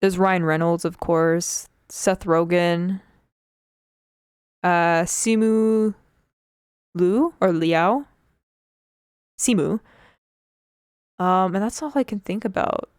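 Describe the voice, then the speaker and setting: A young Canadian woman, a Twitch streamer, talks through a casual drawing livestream in a chatty way, rambling between thoughts with frequent fillers and laughs. Her voice is low for a woman, clean and smooth, with a slight speech impediment, a measured pace and few pauses. The recording is dry and close, with no room sound.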